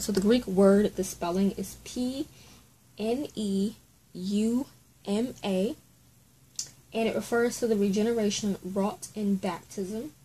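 A woman's voice: medium pitch, slow, dark tone, husky, poor audio. A woman hosting a casual Bible study at home, chatty and apologetic, spelling out words letter by letter.

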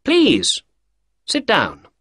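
A man voicing a clever male detective with a crisp, brisk and upbeat manner. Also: high-pitched, huge pitch swings, a bit bright, dry recording, clean studio sound, pitched above the performer's own voice, heavily acted.

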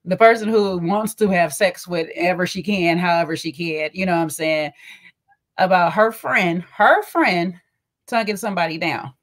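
A woman's voice: fairly low pitch, fairly even intonation, brisk, hardly any pauses. A woman co-hosting a podcast, giving emphatic, sassy commentary on a reality show and acting out what the cast might say. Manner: emphatic, sassy commentary with mock-quoted lines. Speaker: podcast co-host. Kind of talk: casual reality-TV recap chat.

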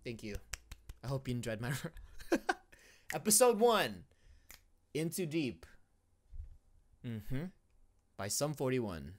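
A young man giving excited let's-play commentary, cheering at the screen and then dropping to mumbles. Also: mid-range voice, slow pace, long pauses. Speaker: gaming YouTuber. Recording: game music loud behind the voice. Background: game music.

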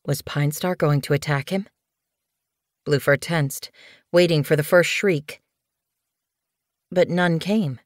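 A woman narrates a children's animal novel in a clear, measured way. Her voice sits low for a woman. The studio sound is close and dry. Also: dry recording. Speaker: audiobook narrator. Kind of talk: scripted audiobook narration.

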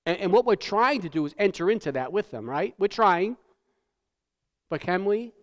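A male pastor delivers a sermon in a slightly raised voice that hangs in the long reverb of a church hall. He talks to the room conversationally, tags his points with "right?" and sinks to a hush for the solemn parts. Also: high voice, expressive, moderate pace. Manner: tag questions, repeats words. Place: church sanctuary.

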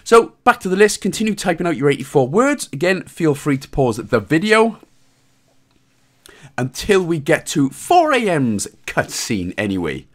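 A man with a Welsh accent giving a casual, joking game walkthrough, swearing a little and calmly repeating his instructions. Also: on the high side, moderate pace. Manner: irreverent, joking, mild swearing. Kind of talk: casual commentary over gameplay.

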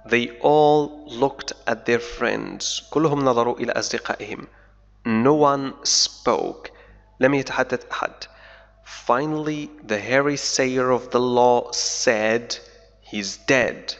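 A man teaching English through a novel, his first language Arabic, with a gravelly, creaky voice. He reads each line slowly and carefully, then switches to brisk explanation. The recording is dull and lo-fi, with a long, hollow reverb trailing his words. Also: mid-range voice, fairly bright tone, faint music behind. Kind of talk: reading a novel aloud with line-by-line translation.

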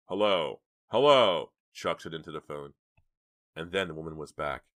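A man narrating an audiobook in a measured, steady way. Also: a bass voice, no room sound, studio quality.

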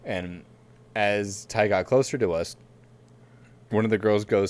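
A man co-hosts a podcast, talking in a very low voice. He rambles through a story with plenty of fillers. He breaks into laughter now and then. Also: measured pace, darkish tone. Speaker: podcast co-host. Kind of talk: casual chat.

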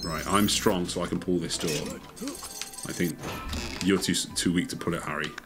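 A woman with a strikingly deep, low voice talks her way through a co-op video game, narrating each step and cheering on her partner. Her tone is casual and encouraging. Game music plays clearly behind her. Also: steady tone, moderate pace. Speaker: gamer playing co-op with a child.

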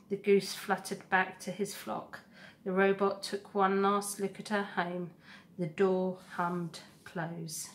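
Woman slowly reading a storybook aloud. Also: fairly low pitch, little pitch movement. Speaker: teacher reading to a class. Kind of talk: reading a children's novel aloud.

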